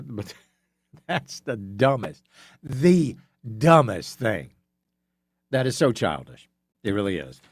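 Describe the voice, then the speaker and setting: Casting: male radio host, sarcastic and mocking, animated swings in pitch, dry studio mic. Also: dry recording. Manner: sarcastic, mocking, spells things out slowly. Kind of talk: opinionated talk radio monologue. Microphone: studio microphone.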